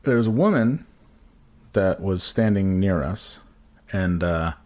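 A man's voice: sits low, lively intonation, slow, dark tone. A man telling a crude, rambling comic story in casual podcast chat, full of fillers and restarts.

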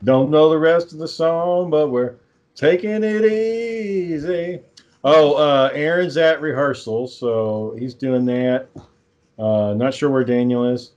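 A man's voice: mid-range voice, steady tone, a little slow, a little mellow, lo-fi sound. A young adult man co-hosting a casual chat, rambling through stories and swearing freely. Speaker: podcast co-host.

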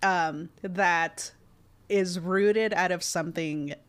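A woman's voice: lowish voice, slow pace, smooth, no echo. A woman co-hosting a podcast in casual chat, hesitant with many ums and frequent laughter. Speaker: podcast co-host.

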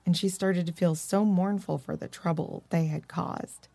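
Gravelly low-voiced woman storyteller. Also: fairly even intonation, moderate pace, hardly any pauses, dark tone, no echo. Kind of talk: storybook narration.

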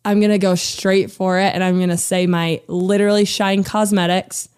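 A woman's voice: mid-range voice, level tone, moderate pace, darkish tone, clear, resonant tone. A woman in her thirties, an interview guest chatting casually, laughing often and using lots of "like" fillers. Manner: bubbly, laughing storyteller with many "like" fillers. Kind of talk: casual chat.

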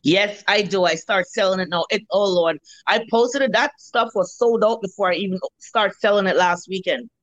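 A Jamaican woman in her fifties, a restaurant owner, telling lively stories in a casual interview, blunt and salty. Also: mid-range voice, moderate pace, hardly any pauses, no echo, muffled recording. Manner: lively storyteller, blunt and salty, acts out what people said.

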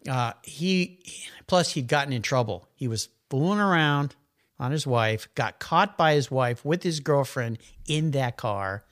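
Middle-aged male guest, animated storyteller, mid-range voice. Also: mid-range voice, measured pace. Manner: animated, chatty, rambling anecdotes. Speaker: guest, car enthusiast. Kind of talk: casual conversational storytelling.

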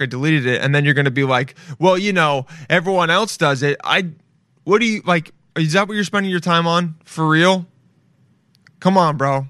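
A young man hosting his own podcast, rambling casually with lots of swearing and sudden bursts of loud excitement. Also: fairly high pitch, no echo, clean studio sound. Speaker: podcast host. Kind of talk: casual solo podcast rant.

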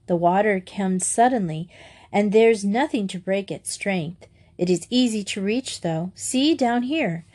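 A woman's voice: mid-range voice, a little slow, a little mellow, natural voice. Woman voicing an earnest, sensible schoolgirl.

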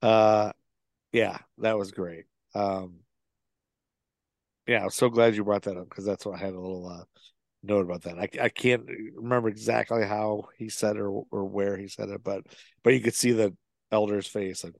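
A man's voice: on the low side, steady tone, moderate pace, gravelly, dry recording, clean studio sound. A man co-hosting a podcast, casually recapping a film plot with lots of fillers and restarts. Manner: rambling, with many fillers and restarts. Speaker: podcast co-host.

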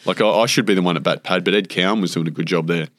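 Low-voiced Australian man telling yarns. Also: very fast, fairly bright tone, no echo, clean studio sound. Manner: rambling anecdotes with many fillers, acts out quotes. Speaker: guest, former cricketer. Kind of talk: casual storytelling interview.

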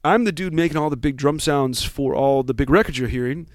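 A man's voice: fairly high pitch, fairly quick, dry recording. Rambling man telling a story. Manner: rambling, self-deprecating, many restarts. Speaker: guest. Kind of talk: casual storytelling chat.

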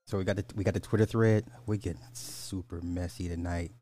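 A man hosting a casual podcast, chatting in loose slang and speaking straight to his listeners. His voice sits on the low side, dry and close, with faint music under it. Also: steady tone, brisk, warm tone, dry recording. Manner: loose, slangy, addresses the audience directly. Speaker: podcast host. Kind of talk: casual livestream commentary.

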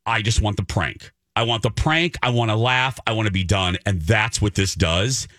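Animated low-voiced male radio host. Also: moderate pace, no room sound, studio quality. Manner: animated storyteller, acts out quotes in a high voice. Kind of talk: casual talk show chat.

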